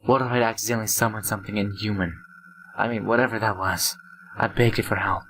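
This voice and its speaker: A man's voice: lowish voice, steady tone, quick pace, pushed and bright, slight background noise, low-quality recording. A half-asleep man hosting a let's play, reading the game's text aloud with asides and stumbling, stuttering delivery.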